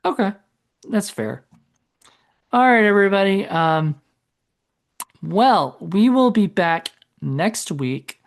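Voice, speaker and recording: A man's voice: high voice, expressive, slow pace, gravelly, long pauses, a little hiss or hum. A man co-hosting a podcast in casual chat, rambling and correcting himself as he goes. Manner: rambling, self-correcting, trails off. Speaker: podcast co-host.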